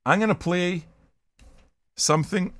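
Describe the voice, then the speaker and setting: A man hosting a record-listening livestream who talks in a loud, shouty, abrasive rant and swears freely. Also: high-pitched, unhurried, no room sound. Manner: profane, excitable. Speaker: host of a record-listening show. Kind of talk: loud ranting livestream chat.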